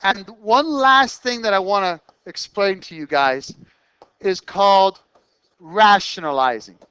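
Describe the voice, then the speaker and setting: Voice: medium pitch, unhurried, bright, forceful tone, smooth, no room sound, highs cut off. A math teacher explaining problems step by step in a classroom lesson, checking in with the students through short questions as the explanation goes on.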